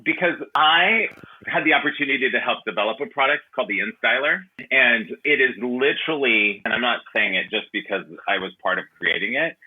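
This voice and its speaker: Animated husky-voiced man telling stories. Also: mid-range voice, narrow, tinny audio. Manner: animated storyteller who acts out quotes. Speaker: hair designer guest. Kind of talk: casual podcast interview.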